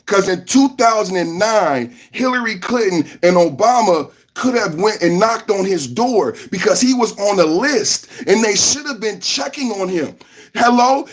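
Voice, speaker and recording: A man hosting a political reaction podcast, talking emphatically, repeating lines and breaking into shouts. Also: extremely high pitch. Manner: emphatic, repetitive, bursts into shouting. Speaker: podcast host.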